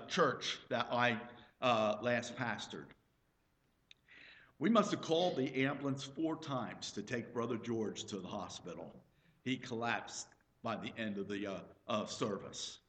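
Slow, bright-voiced preaching man. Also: medium pitch, lively intonation, reverberant. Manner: storytelling, folksy, asks the congregation questions. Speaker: pastor. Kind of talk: sermon.

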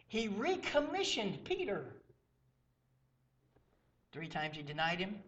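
A man preaching a sermon as pastor, swinging from loud outbursts to hushed asides, who grew up in the American South. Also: sits high, wildly swooping pitch, slow, long pauses, breathy edge.

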